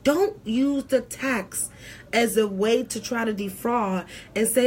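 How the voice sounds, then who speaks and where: Woman tax preparer, live stream host, fairly high voice, emphatic and repetitive. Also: takes it slowly, a little mellow. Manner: emphatic, preachy, repeats key points. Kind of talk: live stream advice talk.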